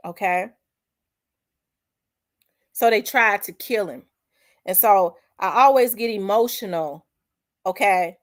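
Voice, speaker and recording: A woman's voice: medium pitch, takes it slowly, long pauses. Emphatic woman preaching to her channel. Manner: repetitive, emphatic, scripture-quoting, colloquial. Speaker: channel host. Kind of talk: emotional preaching-style monologue.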